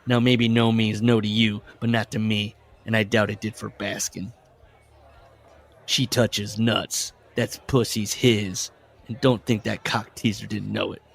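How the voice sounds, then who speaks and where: A man on a casual podcast walks through a book's plot, slipping into quoted lines of dialogue as he goes. His voice sits low and has a gravelly, fry-laden edge. He often pauses on fillers. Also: level tone. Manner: recounts the plot and reads villain dialogue in quotes, with frequent fillers. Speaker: podcast co-host. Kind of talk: casual book discussion, reading passages aloud.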